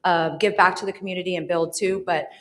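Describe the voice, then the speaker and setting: A woman's voice: fairly low pitch, steady tone, fast, a bit bright. A woman emceeing a conference, introducing the next speaker to the stage in a welcoming, upbeat way. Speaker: event emcee.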